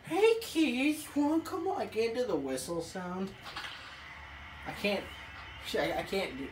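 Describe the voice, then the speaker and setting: A woman commentating her own video game play, excitable, swearing and yelling at the screen. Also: medium pitch, measured pace, long pauses. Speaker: gaming video creator. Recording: echoey room, off-mic, faint hiss.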